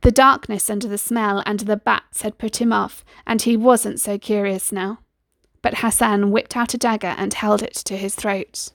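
Gravelly woman reading a storybook. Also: medium pitch, fairly even intonation, moderate pace, no echo, clean studio sound. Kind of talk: storybook narration.

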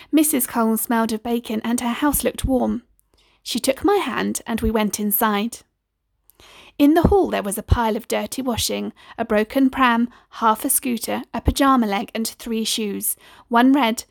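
A woman's voice: fairly high pitch, vocal fry, no room sound. Woman reading a children's story. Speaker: storybook reader.

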